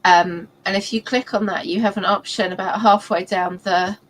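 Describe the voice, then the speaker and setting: A woman's voice: medium pitch, steady tone, normal speed, a bit bright, slight background noise, low-quality recording. A woman co-hosting a writing livestream, rambling and explaining step by step with many ums. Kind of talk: casual livestream chat.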